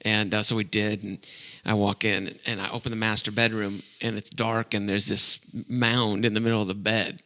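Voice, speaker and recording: A man's voice: lowish voice, flat delivery, moderate pace, few pauses, sharp tone. A middle-aged man hosting a casual podcast, upbeat and rambling, laughing often between filler words. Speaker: podcast host.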